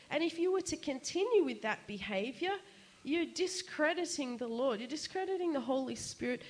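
A woman giving a casual, chatty sermon, animated and laughing often, her voice jumping up for quoted asides. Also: high-pitched. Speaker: preacher.

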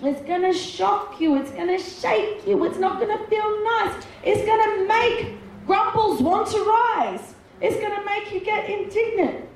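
A woman's voice: very high voice, measured pace, slight background noise. A woman preacher giving a sermon with Bible readings, emphatic and repeating words for effect. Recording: echoey room with faint ambience.

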